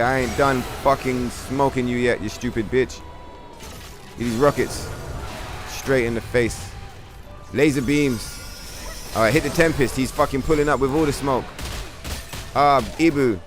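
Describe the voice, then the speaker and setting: A male streamer talks through a boss fight in casual, excitable bursts, cursing at the enemy and chatting to his viewers. His voice sits at an ordinary middle pitch. Faint game music plays underneath. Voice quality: profane, trash-talking, excitable. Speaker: streamer playing a video game. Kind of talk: live gameplay commentary.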